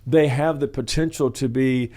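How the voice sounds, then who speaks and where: A man hosting a church counseling show, explaining at length in a loose, rambling way, often pausing with "uh" and "you know". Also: medium pitch, fairly even intonation, a little mellow. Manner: rambling, full of "uh" and "you know", acts out quoted voices. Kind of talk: teaching talk on a question-and-answer show.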